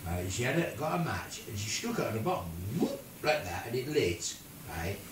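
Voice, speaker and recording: An older man, a grandfather, telling a silly made-up story in an animated way, with squeaky put-on voices for the people in it. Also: normal speed, noisy background. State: ill. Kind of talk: playful bedtime-style storytelling. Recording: roomy home video from a distance.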